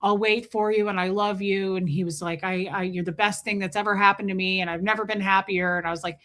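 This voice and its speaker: A woman's voice: medium pitch, fairly even intonation, fast, a bit bright. A woman hosting a casual livestream, telling a rambling personal story and breaking off to greet chat viewers by name. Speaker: livestream host.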